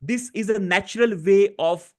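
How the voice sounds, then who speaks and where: A man guiding a live online stress-relief session, speaking gently with many fillers and restarts. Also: high-pitched, moderate pace. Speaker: stress-relief workshop facilitator. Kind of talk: guided tapping session on a live online class.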